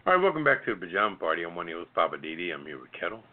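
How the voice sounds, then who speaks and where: A man's voice: low voice, very animated, rapid-fire. A man co-hosting a casual chat show, talking in a loose, rambling way with many restarts. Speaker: co-host. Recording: tinny phone-like sound.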